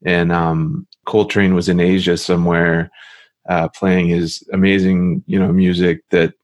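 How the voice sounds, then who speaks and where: Male host with a very low voice, casual and hesitant. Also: measured pace. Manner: relaxed, hesitant, lots of fillers. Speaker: interview host. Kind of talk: casual interview chat.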